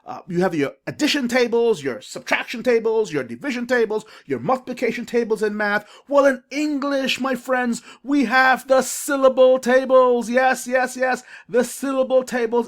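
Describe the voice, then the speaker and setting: An eager reading coach drawing out syllables. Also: mid-range voice. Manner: enthusiastic, emphatic, stretches out syllables slowly; coaxing, asks listeners direct questions. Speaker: reading coach teaching parents. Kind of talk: screen-share phonics lesson for parents.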